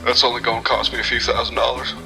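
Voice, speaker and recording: A man's voice: mid-range voice, completely flat delivery, fast, gravelly, music in the background, close to an everyday voice. A man doing an impression of a crude, wisecracking ex-president. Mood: cheeky. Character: randy ex-president, crude and jokey.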